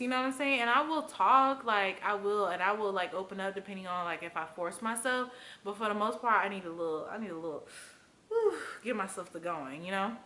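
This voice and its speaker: Young woman from Florida, storytime vlogger, bright forceful voice, faint room hum, animated and profane. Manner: animated, profane, loose with many fillers; acts out quotes with big pitch jumps. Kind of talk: candid storytime chat to camera.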